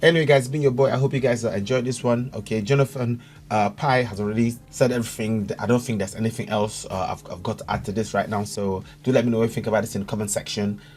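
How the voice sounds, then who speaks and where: A man's voice: on the low side, steady tone, quick pace, few pauses, a little mellow. Chatty man from Africa reacting. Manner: chatty, earnest, repeats himself with fillers. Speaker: YouTube reaction host. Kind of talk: casual reaction commentary.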